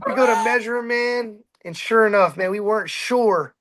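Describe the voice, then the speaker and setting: A middle-aged boat captain with a high, bright-pitched voice spins fishing tales in easy, casual talk. He jumps into shouted quotes and plays every part of the story himself. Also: normal speed. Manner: animated, acts out shouts and quotes.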